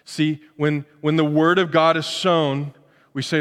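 A middle-aged male pastor preaches with a lively, high-pitched voice, slipping into playful voices and asides. His words ring out with a long reverb, as if in a big sanctuary. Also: a little slow, smooth. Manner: animated, acts out voices and asides. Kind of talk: sermon.

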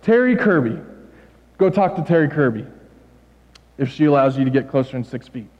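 A middle-aged man preaching a sermon as pastor in a church hall, animated and joking, acting out quotes as he goes. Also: mid-range voice, normal speed. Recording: dull sound with long church reverb.

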